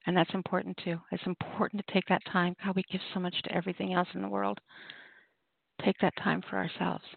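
Speaking fast with vocal fry and a flat delivery, this woman has a fairly low-pitched voice in a dry recording over a tinny call-in phone line. She hosts an open mic poetry radio show, chatting casually and giving poetry prompts, rambling and laughing frequently.

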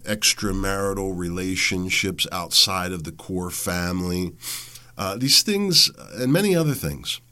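A man's voice: deep voice, animated, a little slow, pushed and bright. A man hosting a podcast in a rambling, folksy solo talk, sick with a head cold. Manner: rambling and folksy, with frequent fillers. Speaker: podcast host. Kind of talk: casual monologue.

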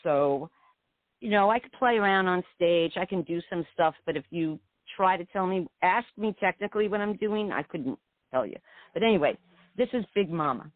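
Over a tinny phone line, a poet being interviewed on radio reflects and meanders. Her fairly low voice is expressive and at normal speed, with no echo.

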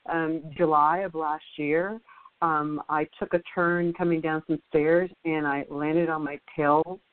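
A woman's voice: deep voice, little pitch movement. Hesitant woman caller on a phone line. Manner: hesitant, halting, lots of fillers. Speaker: caller getting a reading. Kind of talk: casual call-in chat.

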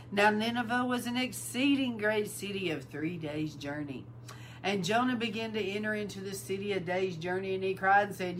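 A woman hosting a talk reads old-style scripture aloud at an ordinary pitch. She keeps breaking in with amused, emphatic remarks of her own. Faint background noise sits under her voice. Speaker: host and Bible teacher. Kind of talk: reading scripture aloud with commentary.

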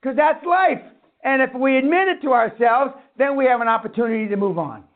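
Guy with a really high voice ranting and cussing at a seminar, sounds tinny like over a phone. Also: lively intonation, a little fast. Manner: blunt, swearing, ranting. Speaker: seminar speaker. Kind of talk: profane motivational lecture.

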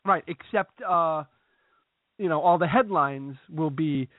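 A man co-hosting a casual sports podcast, talking his opinions through in a measured way with frequent restarts. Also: a little high, dry recording. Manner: measured, reasoning, repeats starts. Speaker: podcast co-host. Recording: dry tinny phone-like sound.

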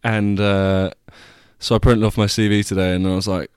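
A man's voice: on the low side, flat delivery, normal speed, clean tone, no echo, studio quality. A young man vlogging, telling a rambling, self-deprecating story with casual swearing.

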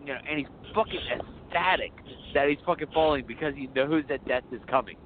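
A man's voice: on the high side, fast, a little hiss or hum. Profane, rambling male podcast co-host. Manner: profane, rambling, laughs often. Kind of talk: casual film discussion. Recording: phone-like, narrow sound.

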